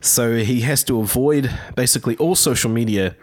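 A man's voice: medium pitch, moderate pace. A man co-hosting a podcast in an easygoing, casual way with lots of fillers. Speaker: podcast co-host. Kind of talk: casual chat.

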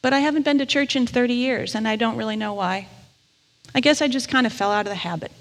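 A woman's voice: fairly high pitch, fast. Storytelling woman in a reverberant hall. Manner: gentle storytelling, briefly emotional. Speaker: chaplain. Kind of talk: sermon with personal story. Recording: long reverb of a large hall.

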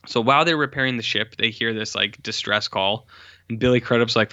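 A man chats loosely on a podcast, his voice bright and forward, circling back with fillers and corrections as he goes. The recording is dry and close, with a slightly dull, lo-fi sound. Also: mid-range voice, steady tone, a little fast, no echo. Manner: rambling, lots of "like" fillers and self-corrections. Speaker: podcast co-host reviewing films. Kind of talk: casual chat.

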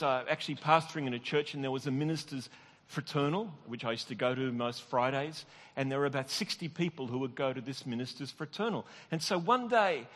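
A middle-aged pastor preaches in a relaxed storytelling way, chuckling at himself and restarting his sentences. His voice sits a little high for a man. The sound carries the long reverb of a large hall. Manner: conversational, self-deprecating, with frequent restarts and laughs. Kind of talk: sermon with personal storytelling.

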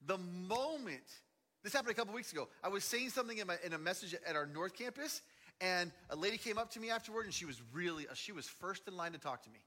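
Lively bright-voiced pastor in a reverberant church. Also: male voice, high voice, fast. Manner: animated storytelling, swinging from loud to hushed. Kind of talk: sermon. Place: large church auditorium. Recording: long hall reverb.

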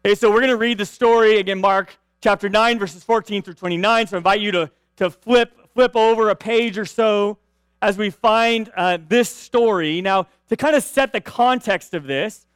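A man's voice: sits high, moderate pace, a bit bright, smooth, no room sound. A man preaching a sermon in a conversational way, often asking "right?" and restarting his phrases. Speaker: pastor.

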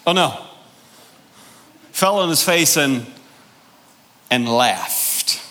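A man preaching a sermon, emphatic and deliberate, firing rhetorical questions at his congregation. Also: mid-range voice, lively intonation, pushed and bright. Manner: drawn-out, deliberate delivery with pauses. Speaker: pastor.

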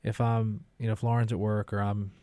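Laid-back man with a dark, low voice. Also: flat delivery, fairly quick, no room sound. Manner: rambling, laid-back storytelling. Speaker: head chef and restaurant owner, guest. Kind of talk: casual conversation.

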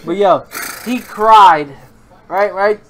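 A man hosting a casual podcast with friends. He laughs loudly and swears often. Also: high-pitched, takes it slowly. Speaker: podcast host. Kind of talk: casual chat among friends.

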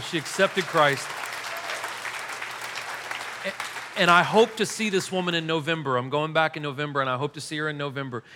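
A male pastor in his thirties preaching a sermon, telling a story with animated, self-deprecating humor. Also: a little high. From United States. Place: church hall. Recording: long hall reverb.

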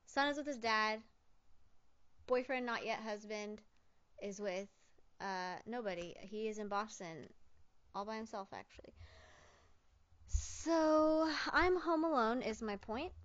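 A woman's voice: on the high side, slow pace, long pauses, dull audio. A woman hosting a solo podcast from home on a fancy microphone, rambling with goofy jokes and self-corrections. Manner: loopy, jokey, self-interrupting, keeps saying "just kidding". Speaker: podcast host. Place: at home, alone. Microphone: fancy studio microphone.

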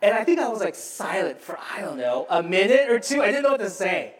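Brisk and high-pitched, this preaching pastor acts out the story in animated voices while tossing frequent asides to his congregation, all in a reverberant setting.

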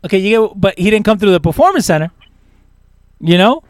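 A man's voice: high voice, sing-song, a little fast, dry recording, studio quality. A young man co-hosting a casual wrestling chat, ranting emphatically and repeating words. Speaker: podcast co-host.

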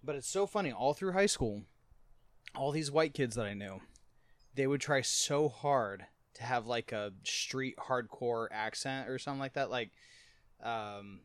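A man's voice: mid-range voice, unhurried, dry recording. Blunt, teasing man from Arizona. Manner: blunt, teasing, laughs often. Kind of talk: casual chat.

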